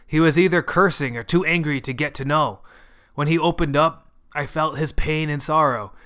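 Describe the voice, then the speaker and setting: A man's voice: a little high, normal speed, a bit bright. A man reading a short story aloud as its narrator. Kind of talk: scripted narration.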